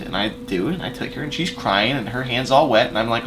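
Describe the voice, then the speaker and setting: A man telling a personal story in a casual vlog, rambling with fillers and restarts and swinging between loud emphatic bursts and quiet asides. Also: medium pitch, expressive, brisk, background noise.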